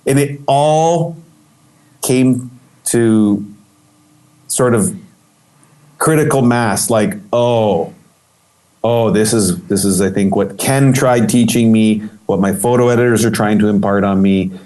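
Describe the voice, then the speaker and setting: A man telling a story in an interview as a guest, animated and acting out the voices he quotes, with many restarts. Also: on the low side, takes it slowly, long pauses. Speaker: guest photographer.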